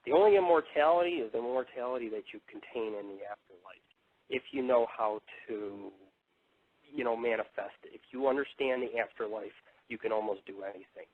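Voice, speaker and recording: A man's voice: medium pitch, slightly rough, no echo. A man rants through a live internet radio show, swearing freely and challenging his critics. His voice comes through narrow and tinny, like a phone call, with no room sound at all. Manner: rambling, swearing, combative. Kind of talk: profane live radio monologue. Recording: tinny phone-like dry audio.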